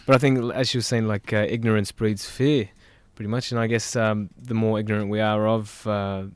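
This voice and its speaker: Low-voiced halting co-host. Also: male voice, little pitch movement, smooth. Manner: halting, filler-heavy, trails off. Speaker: show co-host. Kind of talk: casual panel discussion.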